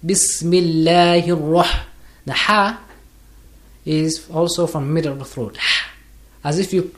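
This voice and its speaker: A man teaching Quran recitation one-on-one for listeners, patiently correcting common errors and slowly drawing out the recited verses. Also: a little high, fairly even intonation. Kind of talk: one-on-one pronunciation lesson. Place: recorded lesson for listeners.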